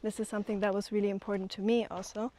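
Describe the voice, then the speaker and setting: A woman's voice: medium pitch, little pitch movement, racing, dark tone. Woman, eager tour guide, lots of ums, recorded outside with light background hiss. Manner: enthusiastic, with many fillers. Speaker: co-founder giving a land tour. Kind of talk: walking tour chat. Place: outdoors on hillside land.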